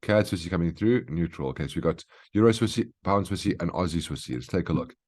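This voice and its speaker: Low-voiced guy going over forex charts, chatty teacher vibe, lots of okays. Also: expressive, fast, a little mellow. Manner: instructive, frequent "okay?" check-ins. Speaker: market analyst host. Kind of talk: live trading chart walkthrough.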